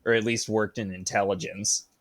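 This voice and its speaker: Low-voiced man, swearing and incredulous. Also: little pitch movement, normal speed. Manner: profane, incredulous questioning. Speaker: podcast co-host. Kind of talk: casual film discussion.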